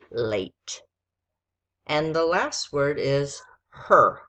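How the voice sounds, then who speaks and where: A woman's voice: rumbling low, expressive, takes it slowly, pauses often. A woman teacher giving a spelling lesson to a child, patiently spelling words out letter by letter.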